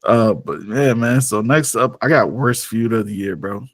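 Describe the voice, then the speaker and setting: A man's voice: medium pitch, normal speed, no room sound. A man hosting a podcast in casual chat, laid-back, laughing often and ending lines with "bro". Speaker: podcast host.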